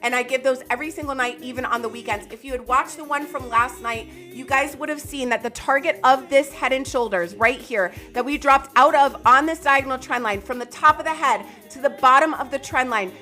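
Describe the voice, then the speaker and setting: An excitable, loud woman, hosting a live chart analysis stream and talking to viewers by name. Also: high-pitched, fairly quick, hardly any pauses, faint music behind. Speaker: crypto market streamer.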